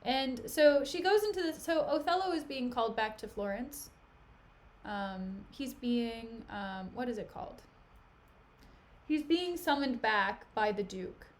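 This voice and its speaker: A woman's voice: a little high, a little slow. Chatty young woman retelling a play. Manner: chatty, gossipy, full of fillers like "like". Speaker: streamer reading a play aloud. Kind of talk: casual chat and retelling.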